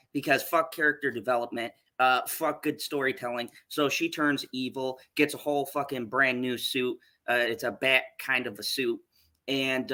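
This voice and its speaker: A woman's voice: very deep voice, bright, forceful tone. A woman giving a profane, exasperated rant while reviewing a show.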